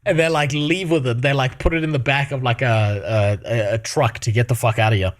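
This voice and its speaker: A man's voice: mid-range voice, fairly even intonation, brisk. A man streaming casually with a sore throat, swearing often and ranting animatedly. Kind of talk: casual reaction stream chat.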